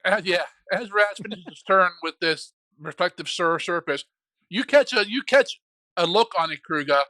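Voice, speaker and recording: A man's voice: sits high, moderate pace, bright, forceful tone, no echo, studio quality. A man narrating as game master in a tabletop game, joking and loose, often rephrasing as he goes.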